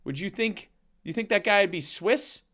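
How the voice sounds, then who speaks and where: With a sharp tone and high pitch, this animated man delivers a comedic bit on his podcast at a moderate pace. As co-host, he stammers through a long joke and rambles comically through an ad read.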